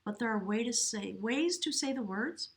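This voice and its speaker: A woman's voice: a little high, expressive. Emotional woman giving a tarot reading. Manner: earnest, emotional, slow and reflective with pauses. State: choked up with emotion. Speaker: tarot reader. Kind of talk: spiritual tarot reading to camera. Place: home, near a window.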